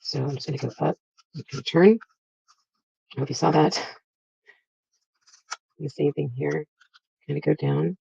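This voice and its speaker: Creaky-voiced woman crafting vlogger. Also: deep voice, fairly even intonation, a little slow, long pauses, mellow, no echo, highs cut off. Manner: chatty, talks through each step with filler words. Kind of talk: casual crafting tutorial.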